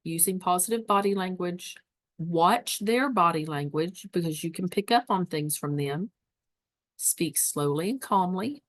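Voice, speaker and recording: A woman leads a webinar lesson for caregivers in a fairly low voice. She teaches emphatically and drives points home by repeating them. The sound is close and dry. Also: unhurried, no room sound. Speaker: dementia care educator. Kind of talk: webinar presentation.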